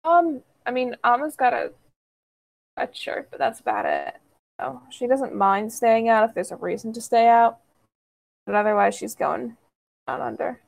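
Lively, gravelly female player. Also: fairly high pitch, moderate pace, pauses often.

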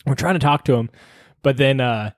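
A man's voice: medium pitch, normal speed, no echo, studio quality. A man telling a story from his paramedic work in casual chat, acting out what people said and swearing freely. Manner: animated storytelling, acts out quotes, swears freely.

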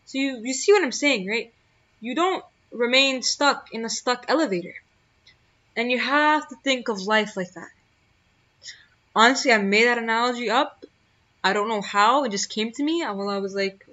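Young woman, solo podcast host, bright tense voice, slightly high, earnest, emphatic, a bit lo-fi. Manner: earnest, emphatic, repeats key phrases. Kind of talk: solo motivational podcast talk.

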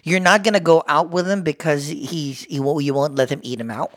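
A woman in casual chat who reacts with quick comments. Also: deep voice, dry recording, studio quality.

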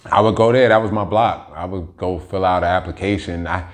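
Deep-voiced guy rambling on his podcast, slangy, swears a ton. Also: fairly even intonation, brisk. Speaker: podcast host. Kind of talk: casual profane monologue.

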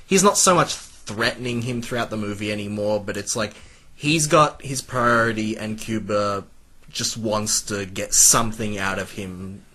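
A man talking through a film with friends, walking them through what each scene means. His voice has a husky, slightly rough edge. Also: on the low side, normal speed, sharp tone. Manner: explains scenes, laughs easily. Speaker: movie commentary co-host. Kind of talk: casual movie commentary.

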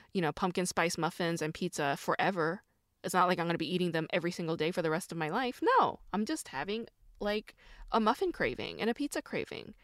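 A woman's voice: fairly low pitch, dry recording, clean studio sound. A woman hosting a podcast, talking alone in a rambling, self-mocking way with lots of fillers. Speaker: podcast host. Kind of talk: casual solo chat.

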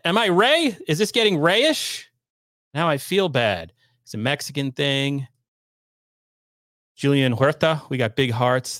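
A man's voice: mid-range voice, fairly bright tone, dry recording, studio quality. Chatty man hosting from his basement. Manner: chatty, reads viewer comments aloud. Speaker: podcast host. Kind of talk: casual livestream chat, reading super chats. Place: home basement.

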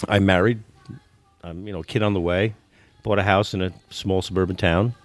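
Deep-voiced older American man, halting. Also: steady tone, dry recording. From United States. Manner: halting, many repeated words and restarts. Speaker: guest, football business consultant. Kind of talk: storytelling in a podcast interview.

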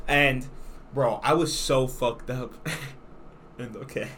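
A man's voice: mid-range voice, steady tone, slow pace, a bit bright, slight background noise. A young man hosting a podcast in casual chat, telling a rambling story full of crude slang. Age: young adult. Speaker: podcast host.

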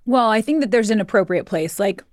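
A woman's voice: medium pitch, expressive, a little fast, darkish tone, no room sound. A middle-aged woman co-hosting a podcast, telling stories in a chatty way and laughing often. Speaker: podcast co-host. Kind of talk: casual chat.

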